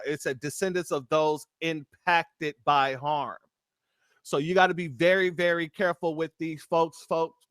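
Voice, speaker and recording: A man's voice: a little high, a bit bright, dry recording, clean studio sound. A man in a livestream discussion, making his points earnestly.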